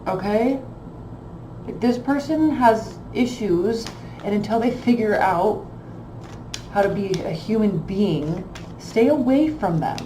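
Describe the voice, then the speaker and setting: A woman's voice: mid-range voice, expressive, slow pace, pauses often, warm tone, reverberant, a little hiss or hum, low-quality recording. Blunt, emphatic woman reading tarot. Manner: blunt, emphatic, repeats phrases for stress. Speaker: tarot reader.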